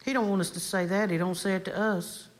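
A woman's voice: medium pitch, steady tone, fast. Fervent woman preaching a sermon. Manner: fervent, repetitive preaching cadence. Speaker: guest preacher.

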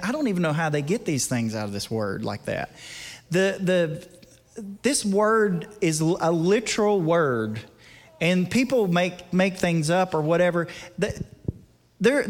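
A man preaching a storytelling sermon in a church service, chatty, laughing between lines and dropping to a hush for the tense parts. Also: high-pitched. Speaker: guest preacher and guitarist. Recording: long reverb from a large hall.

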